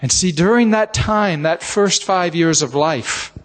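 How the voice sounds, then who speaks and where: Preaching a sermon in a reverberant hall, an older man tells a heartfelt family story, full of emotion and repeating words. His voice is high and his delivery unhurried.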